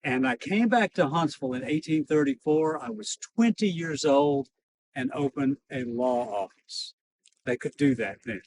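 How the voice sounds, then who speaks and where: A man with a gravelly, slightly high voice tells his life story in the first person, like a reenactor on a cemetery tour. He speaks in a halting, folksy way with frequent "uh" pauses. He is recorded outdoors from some distance, with faint ambient noise behind him. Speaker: costumed historical reenactor. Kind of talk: first-person historical monologue.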